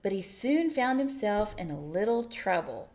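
A woman who is a children's librarian, reading picture books aloud in an animated, sing-song way that often drops into whispers. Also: medium pitch, moderate pace. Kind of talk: storytime read-aloud.

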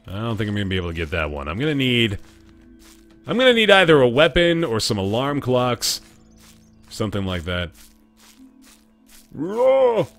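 A man doing live gameplay commentary, joking with chat, thanking viewers and yelling when startled. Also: on the low side. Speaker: gaming livestreamer.

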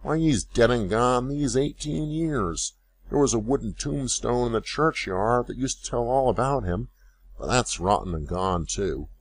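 A man's voice: mid-range voice, expressive, unhurried, voice pushed up. Thin, piping old village man in a storybook, plain-spoken, voiced by a male reader. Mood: matter-of-fact.

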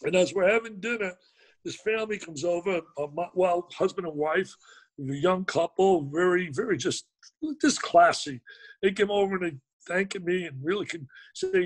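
An older man telling an emphatic, excitable story as an interview guest, repeating words for effect. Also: high-pitched, normal speed, low-quality recording.

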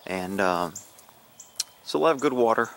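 A man's voice: lowish voice, expressive, unhurried, vocal fry. A middle-aged man telling a rambling, casual story outdoors into a handheld phone, swearing freely and laughing at himself. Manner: chatty, swears casually, laughs at own stories. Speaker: vlogger, horse owner.

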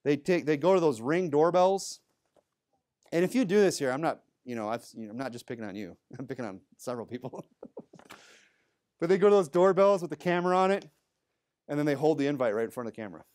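A man's voice: on the high side, lively intonation, fast, darkish tone. A man preaching in a church in a loose, conversational way, with good-humored asides. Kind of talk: conversational sermon.

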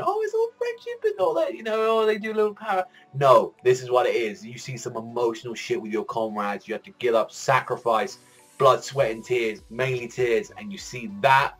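A young man giving a casual, excitable anime episode review, rambling with lots of fillers and swearing. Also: on the low side, husky.

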